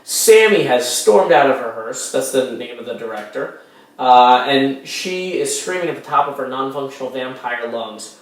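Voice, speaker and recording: A man's voice: medium pitch, animated, moderate pace, recorded from a distance. A man narrating as game master of a tabletop role-playing game, rambling with lots of restarts and fillers. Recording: very echoey room, a bit off mic.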